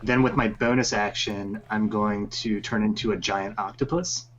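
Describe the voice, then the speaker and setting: A man playing in a tabletop game, announcing his moves plainly and deliberately. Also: fairly low pitch, fairly even intonation, highs cut off, a little hiss or hum. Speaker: player. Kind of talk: casual game chat.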